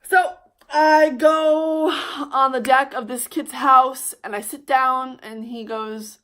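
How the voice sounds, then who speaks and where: A woman's voice: high voice, steady tone, a bit bright. Heated, swearing young woman. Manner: heated, swearing, fast bursts. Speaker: vlogger. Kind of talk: storytime vlog.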